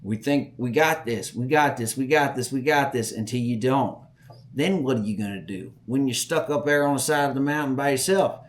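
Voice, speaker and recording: A man's voice: medium pitch, normal speed. Folksy man telling a story. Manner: folksy storyteller, acts out voices loudly. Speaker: podcast host. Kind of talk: storytelling chat.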